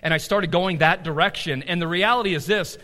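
A middle-aged man preaching a sermon, animated, swinging between loud emphasis and quiet asides. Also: high-pitched, fairly quick, big-room sound. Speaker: pastor.

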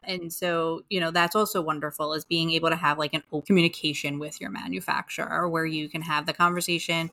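A woman's voice: low-pitched, flat delivery, quick pace, hardly any pauses, sharp tone. A woman hosting a casual interview, asking questions in an encouraging way. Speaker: podcast host.

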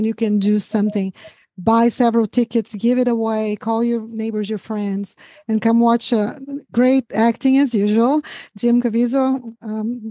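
A middle-aged woman from Brazil with a Brazilian accent softened by a US southern twang, hosting an interview with enthusiasm and frequent laughter. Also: on the high side, no room sound. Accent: Brazilian Portuguese with a US southern twang. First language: Portuguese. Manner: enthusiastic, laughs often, restarts words. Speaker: podcast host.

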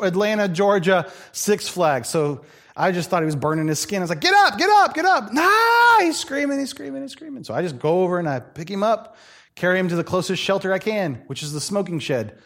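A middle-aged male pastor preaches in a lively, joking way, breaking into quick voices for the people in his stories. His voice sits high for a man and swings widely up and down. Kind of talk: sermon with stories.

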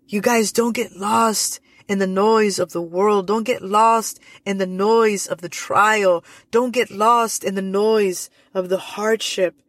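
An earnest preacher delivering a devotional sermon at an unhurried pace. The voice sits in a middle pitch, and the phrasing circles back on itself to stress each point. The sound is close and dry, with no room echo. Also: steady tone, fairly bright tone. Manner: earnest, repetitive preaching with slow emphasis.

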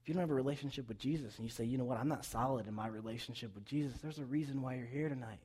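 A young man giving a sermon in a church, conversational, moving between quiet reflection and loud, urging calls to the congregation. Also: mid-range voice, rapid-fire, husky. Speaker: pastor.

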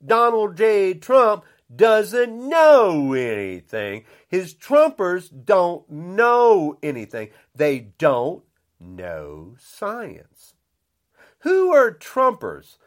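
An older man rants in an angry, indignant tone, circling back to his points again and again. His voice sits high and leaps up and down as he talks. He takes his time, dragging the words out slowly. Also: huge pitch swings. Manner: indignant, repetitive, blunt. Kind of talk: angry political rant.

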